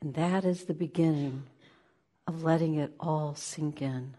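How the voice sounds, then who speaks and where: A woman giving a spiritual talk, shifting between lively play-acting of inner voices and slow, hushed guidance. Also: deep voice. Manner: animated, acts out inner voices with laughter; slows into soft, hushed guidance. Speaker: spiritual teacher.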